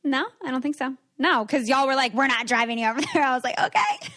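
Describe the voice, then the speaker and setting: A woman's voice: high-pitched, quick pace, bright, forceful tone. A young woman hosting a podcast, telling a candid story in casual chat, rambling with lots of likes. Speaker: podcast host.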